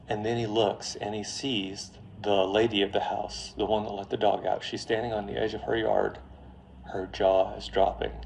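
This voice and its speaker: Gravelly joking finance lecturer. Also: male voice, on the low side, a little hiss or hum. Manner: lively, joking, talks straight to the students. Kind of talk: humorous storytelling lecture. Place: classroom before a live audience.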